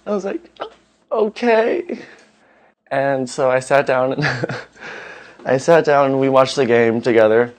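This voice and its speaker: A young man from Washington State telling his own coming-out story in a relaxed, conversational way. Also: mid-range voice, unhurried. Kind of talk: casual personal storytelling.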